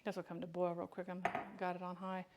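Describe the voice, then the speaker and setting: A woman's voice: fairly low pitch, completely flat delivery, quick pace, background noise. A woman hosting a casual livestream about home canning, chatting with viewers and talking to herself as she works. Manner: chatty, answers viewer questions, talks to herself while working. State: has the hiccups. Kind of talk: casual livestream cooking chat.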